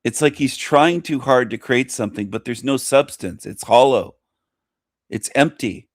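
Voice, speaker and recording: A man's voice: mid-range voice, unhurried, dry recording. A man mocking a video he is reacting to, sarcastic and crude.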